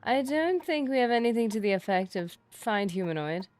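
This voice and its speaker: A woman's voice: fairly high pitch, animated, a little fast, a little mellow. A woman streaming a game live, chatting playfully with her viewers as she plays. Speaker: gaming streamer. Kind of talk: casual live gameplay commentary.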